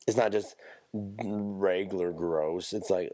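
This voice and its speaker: A man's voice: low voice, steady tone, moderate pace, mellow, no echo. A man hosting a solo podcast in loose, profane, rambling casual chat with joking asides, coughing and stuffed up from allergies. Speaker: podcast host.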